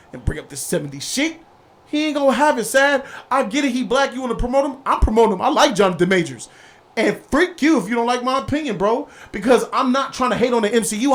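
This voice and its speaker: A man with a fairly high voice hosts a heated, casual pop-culture debate. He talks bluntly and combatively, full of slang, daring anyone to disagree. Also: lively intonation, fast, a bit bright. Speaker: show host.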